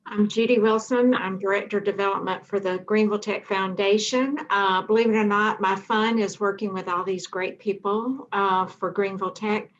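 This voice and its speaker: A woman's voice: mid-range voice, fairly even intonation, moderate pace, hardly any pauses. Good-humored woman, muffled call audio. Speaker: development director. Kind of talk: casual self-introduction. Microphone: video call.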